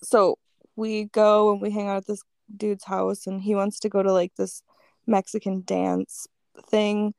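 Gravelly, mellow-voiced woman telling a story. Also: mid-range voice, level tone, unhurried, dry recording, studio quality. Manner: laid-back, swears freely, lots of "like". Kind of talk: casual storytelling chat.

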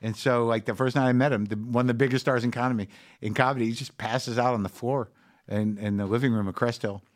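A man's voice: mid-range voice, fairly even intonation, quick pace, no echo, studio quality. A middle-aged man telling a long, rambling story in casual chat, profane and full of fillers. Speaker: guest comedian.

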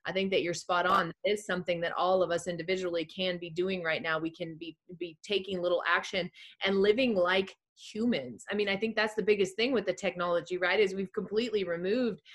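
A woman's voice: fairly low pitch, steady tone, a little fast, fairly bright tone. A woman hosting a casual conversation, speaking in a rambling way with many fillers.

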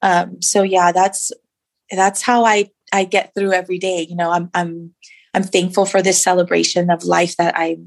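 Earnest woman with a gravelly low voice. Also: level tone, normal speed. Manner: earnest, reflective, many fillers. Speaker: guest sharing her story. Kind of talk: faith-based interview.

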